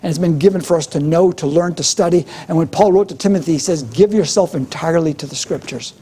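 Middle-aged guy preaching, high husky voice, fervent and repetitive. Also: fast, mellow. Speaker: pastor. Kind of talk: sermon.

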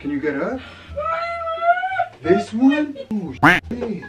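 A man at home talks in urgent, coaxing bursts. Loud music plays behind him. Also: sits high, very animated, takes it slowly. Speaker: boyfriend. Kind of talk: casual talk.

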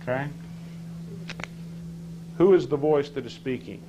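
Man, scripture class teacher, asks the class questions, reads verses with rising emphasis, middle pitch, faint hum behind. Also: unhurried, warm tone, highs cut off.

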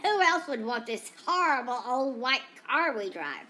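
A woman's voice: high-pitched, sing-song, unhurried, pushed and bright, exaggerated voice. A woman voicing a chatty female dog who tells about her day in a rambling, gossipy way, full of asides. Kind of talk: first-person pet vlog narration.

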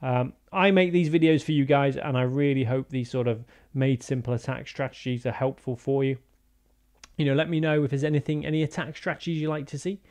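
A man's voice: mid-range voice, steady tone, fairly quick, darkish tone. A man giving casual, jokey commentary over a strategy game, rambling into silly asides. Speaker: gaming YouTuber.

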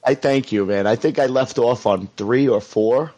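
Brief: man, Staten Island New York accent, relaxed guest co-host, mid-range pitch, chatty and quick to laugh. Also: muffled recording. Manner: easygoing, laughs often, quick friendly asides. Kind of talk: casual podcast chat.

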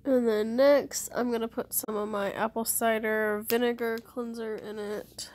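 A woman's voice: on the high side, a little mellow. A woman in her twenties with a sore throat and runny nose, casually walking through her skincare routine and swearing now and then. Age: 20s. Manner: unhurried, listing products one by one, casual swearing. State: sick with a sore, congested voice. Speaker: beauty vlogger.

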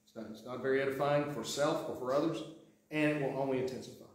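A man's voice: mid-range voice, fairly even intonation, fast. A man preaching a sermon as pastor, talking conversationally with many restarts and acting out the quotes he reads. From Sweetwater. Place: church sanctuary. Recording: very echoey sanctuary.

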